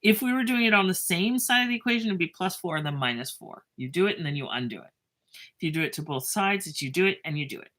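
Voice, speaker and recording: Chatty low-voiced woman teaching math. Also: quick pace. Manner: chatty, self-mocking, lively asides. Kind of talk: casual math lesson.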